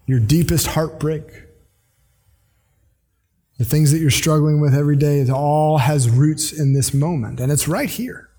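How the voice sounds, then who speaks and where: A man's voice: fairly high pitch, dark tone. A man preaching a sermon in an earnest, conversational way, with restarts and side notes. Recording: long hall reverb.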